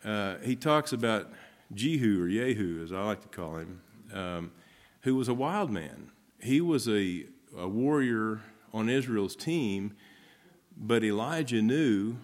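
A middle-aged man delivers a sermon in a slightly low voice. He reads Bible passages aloud and then explains them in casual, conversational language. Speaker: pastor.

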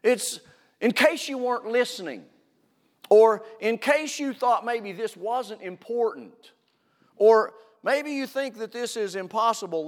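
A pastor with a very high, animated voice preaches a sermon at a measured pace, earnest and emphatic, repeating phrases to drive his point home. The long reverb of a large hall surrounds him.

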